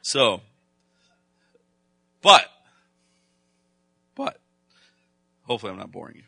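A man delivering a sermon in a bright, forceful voice. He talks conversationally, then swells into loud, emphatic stretches. The sound is dry and close. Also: medium pitch, huge pitch swings, slow pace, creaky, no room sound. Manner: conversational preaching, rising to loud emphatic bursts. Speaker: pastor.

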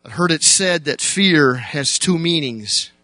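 Preaching with theatrical flair, this man swings from hushed, slow phrases up to sudden loud shouts as he tells the story. His voice is a little high and animated, with no room sound in the recording.

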